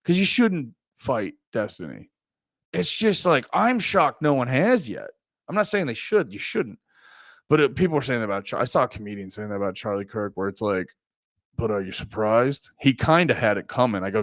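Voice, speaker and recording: A man talking casually on a livestream as a political commentator, rambling from quiet mumbles to loud, high-pitched outbursts. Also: big pitch swings, normal speed, no room sound.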